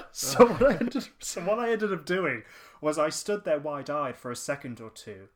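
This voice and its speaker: A man's voice: on the high side, animated, measured pace. A man in casual podcast chat, telling a long story with lots of fillers and restarts. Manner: rambling anecdote with fillers and restarts. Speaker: podcast co-host.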